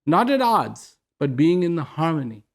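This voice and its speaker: Gravelly-voiced man asking reflective questions. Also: on the high side, big pitch swings. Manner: slow, questioning, rhetorical. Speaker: spiritual speaker. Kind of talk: reflective personal message.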